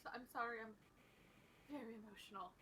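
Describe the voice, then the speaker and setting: A woman playing a character in a tabletop game, speaking softly and hesitantly with apologetic pauses. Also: a little high, slight background noise. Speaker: player. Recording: faint and distant from the mic, with music behind.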